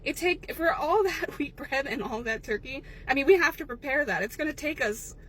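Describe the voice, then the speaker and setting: Brief: woman as a frazzled sandwich-counter worker, high voice, fed up with customers. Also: animated, fairly bright tone, a little hiss or hum. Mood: exasperated. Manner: exasperated, incredulous, talks fast when upset. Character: frazzled young female sandwich shop worker. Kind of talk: comedy skit.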